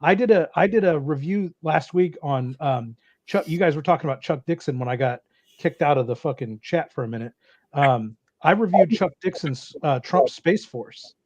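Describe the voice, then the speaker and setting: A man's voice: fairly high pitch, animated, moderate pace, a little mellow, dry recording, muffled recording. A man hosting a casual podcast chat, talking in a rambling, casual way and swearing. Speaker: podcast host.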